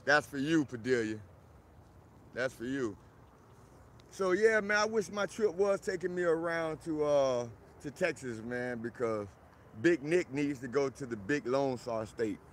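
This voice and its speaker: A man from South Florida chatting casually on a live stream outdoors in a park, animated and greeting viewers by name. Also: mid-range voice, measured pace, slight background noise.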